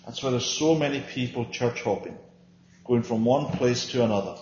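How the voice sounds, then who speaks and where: A man's voice: medium pitch, darkish tone, slight background noise. Man, Bible teacher, earnest and emphatic, questions and answers, roomy lo-fi recording. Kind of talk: small-group Bible teaching.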